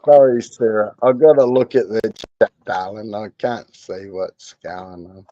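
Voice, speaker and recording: A man's voice: fairly low pitch, a little slow, warm tone, muffled recording. An Australian man hosting a livestream in crude, rambling casual chat, swearing constantly. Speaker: livestream host.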